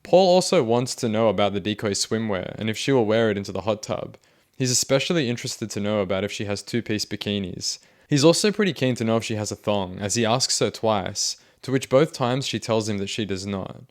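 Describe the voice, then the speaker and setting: A man narrating a scripted video commentary in a measured, analytical way. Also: on the low side.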